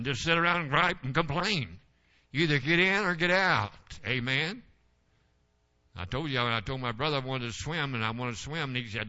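Older male pastor, homespun sermon stories, tense bright voice, dull lo-fi recording. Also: mid-range voice, lively intonation, brisk. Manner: folksy storytelling, rising to forceful exhortation.

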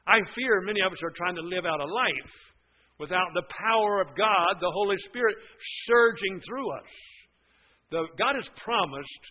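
A man's voice: high voice, expressive, normal speed, lo-fi sound. A man preaching a sermon in an earnest way, swelling into emphatic bursts.

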